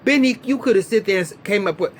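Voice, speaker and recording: A man giving a casual vlog review of a TV episode, ranting in an animated, profane and exasperated way. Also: high voice, quick pace, a little hiss or hum. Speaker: TV show reviewer.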